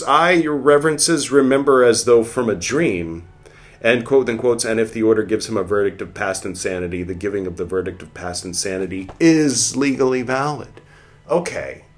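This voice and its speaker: A man with a fairly low voice reads old scripture aloud, drawing out quoted passages with deliberate emphasis. Between readings he muses casually, sometimes muttering quietly to himself. Faint music plays in the background. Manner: reads quotes slowly and loudly, comments in a lower conversational voice. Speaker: podcast host reading scripture.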